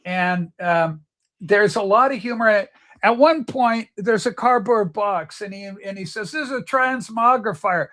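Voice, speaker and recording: A man with a notably high-pitched voice chats on a livestream. He tells stories with eager, rambling enthusiasm, talking straight to his viewers. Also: a little slow, fairly bright tone. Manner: chatty, enthusiastic storyteller. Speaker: livestream host. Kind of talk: casual chat.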